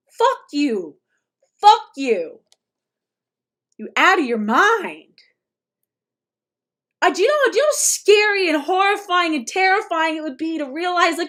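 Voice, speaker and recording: A woman's voice: very high voice, fairly bright tone. A woman ranting angrily and profanely at someone she addresses directly, often repeating herself and restarting mid-sentence. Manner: repetitive, stumbling restarts.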